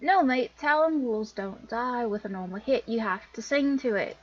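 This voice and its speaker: A woman's voice: mid-range voice, unhurried, recorded from a distance, natural voice. A woman doing a teasing male moon elf hunter. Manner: mock-foreign accent, teasing. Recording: dull lo-fi recording.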